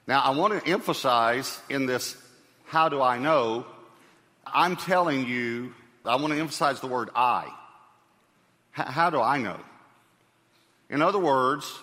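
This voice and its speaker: Male pastor, mid pitch, bright voice, conversational sermon delivery with repeated phrases, hall reverb.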